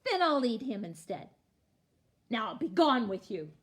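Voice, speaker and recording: A woman voicing a greedy, hungry male troll who roars and growls loudly in a storybook reading. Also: very animated, slow, creaky, exaggerated voice. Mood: roaring greedy. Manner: roaring, growling, booming loud.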